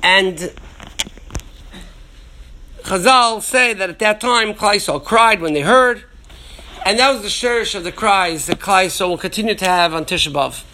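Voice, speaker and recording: A man lectures through a Torah class in a high, bright voice. He thinks out loud, restarting and repeating words as he goes, and mixes Hebrew and Yiddish terms into his English. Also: lively intonation, moderate pace, long pauses, slight background noise. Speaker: Torah teacher.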